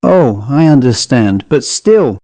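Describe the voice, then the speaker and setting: A man's voice: mid-range voice, big pitch swings, slow, warm tone, no room sound. Man reading an offhand young archaeologist. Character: young male archaeologist, easygoing and casual.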